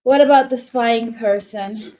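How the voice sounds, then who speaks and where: A woman's voice: on the high side, unhurried, a little mellow. A woman giving a casual live tarot reading, chatty and rambling, often restarting her sentences. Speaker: tarot reader.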